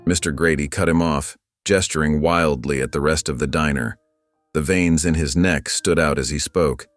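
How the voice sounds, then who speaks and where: A man narrating a scripted story in a solemn, even manner. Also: extremely low pitch, moderate pace, no echo, clean studio sound, soft background music.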